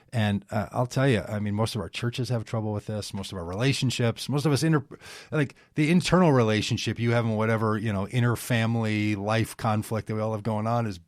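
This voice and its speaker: A man's voice: lowish voice, a little mellow, no echo, clean studio sound. A man talking about faith and politics in a casual conversation, rambling with many restarts and asides.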